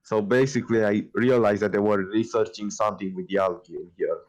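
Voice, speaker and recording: Man, tabletop player, eager, halting, fairly low pitch. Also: steady tone, rough recording. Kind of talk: casual tabletop play.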